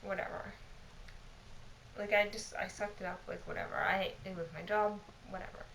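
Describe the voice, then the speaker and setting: A woman's voice: medium pitch, steady tone, a little fast, creaky, fairly bright tone, roomy sound, slight background noise, poor audio. A tipsy woman in her twenties telling a casual, profane, exasperated storytime to her camera. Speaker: vlogger.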